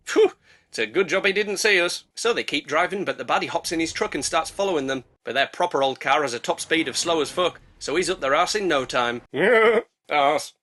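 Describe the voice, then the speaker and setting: A man's voice: on the high side, fast talker, few pauses, bright, forceful tone. Sweary English man narrating a film. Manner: sarcastic, sweary, jokey. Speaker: film reviewer. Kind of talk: comedic review narration.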